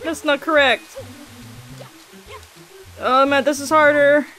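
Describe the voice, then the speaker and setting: A woman's voice: high voice, steady tone, slow pace, pushed and bright, faint music behind. A woman co-hosting a let's play in casual chat, teasing and playful, giggling often.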